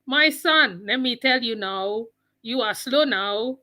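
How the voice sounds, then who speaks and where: A woman's voice: on the high side, takes it slowly, sharp tone. A woman with a West Indian accent giving mocking reaction commentary, scolding and repeating her phrases for emphasis. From West Indies. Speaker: channel host.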